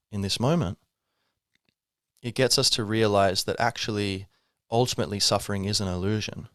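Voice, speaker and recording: A podcast host delivers a reflective spiritual monologue, musing casually and rambling with wry asides. His voice is lowish, steady and a bit bright, at a normal speed. The recording is dry, with clean studio sound.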